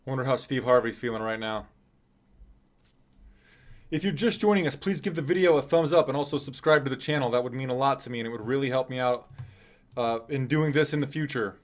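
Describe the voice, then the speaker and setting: A man from Nebraska calls a live fight stream in a relaxed, chatty way. He keeps his tone wry and self-deprecating, with an everyday mid-range voice. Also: mid-range voice, brisk. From Nebraska, USA. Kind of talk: casual live reaction commentary.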